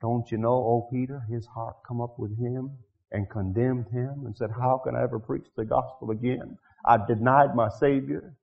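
A man preaching a revival sermon in church, swinging from quiet pleading to shouted, drawn-out climaxes. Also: medium pitch, steady tone, gravelly, lo-fi sound.

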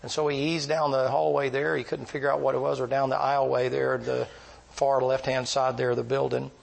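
Male preacher, folksy storytelling sermon, husky and gravelly. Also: medium pitch, flat delivery, brisk, poor audio. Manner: folksy, rambling anecdotes with plain country talk.

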